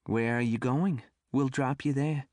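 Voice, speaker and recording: A man's voice: mid-range voice, measured pace, a little mellow, dry recording, voice pushed up, lightly acted. A man reading an audiobook and voicing a kindly grandmotherly old woman with a thick Brooklyn accent. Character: elderly grandmotherly woman, kind and fussing.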